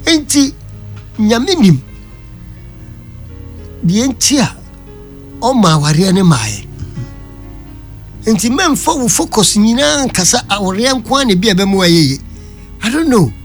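A Ghanaian-accented guest speaks with a lively, swooping pitch, driving each point home in an emphatic, preachy tone. Faint music plays behind the voice. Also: a little slow, long pauses. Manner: emphatic and preachy, switching between Twi and English. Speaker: guest giving a Christian view. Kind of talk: opinionated talk-show commentary.

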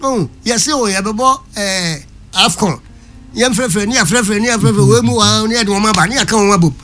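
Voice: medium pitch, normal speed, fairly bright tone, faint music behind. A talk-show guest with a Ghanaian accent, giving an emphatic, preachy Christian view. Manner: emphatic and preachy, switching between Twi and English. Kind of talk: opinionated talk-show commentary.

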